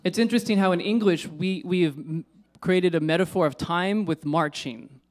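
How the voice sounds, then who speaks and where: Casual musing male lecturer, higher voice. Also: normal speed. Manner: casual, musing, many restarts and asides to the audience. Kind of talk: informal lecture on poetry. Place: lecture room.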